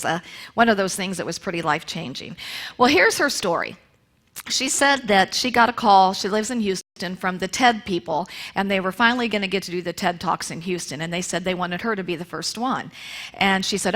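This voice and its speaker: A woman speaking at a church service, retelling a story in a lively sermon and acting out the quotes. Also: mid-range voice. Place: church sanctuary.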